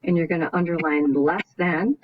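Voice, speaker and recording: A woman's voice: sits low, normal speed, a little hiss or hum. A woman math teacher giving a recorded video lesson, explaining each step in order and often checking in with "right?". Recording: dull lo-fi recording.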